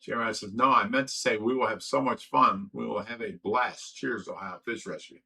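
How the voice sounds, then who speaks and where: A man chats on a livestream, reading viewer comments in a brash, boastful manner. His voice is low and husky, with a bright, forceful edge to it. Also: steady tone, moderate pace, poor audio. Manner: brash, boastful trash talk. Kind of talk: casual livestream chat.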